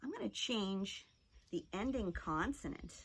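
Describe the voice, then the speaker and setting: A woman teaching a children's phonics lesson, sounding out words slowly and carefully. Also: mid-range voice, lively intonation, very noisy. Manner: slow, drawn-out sounding out of words.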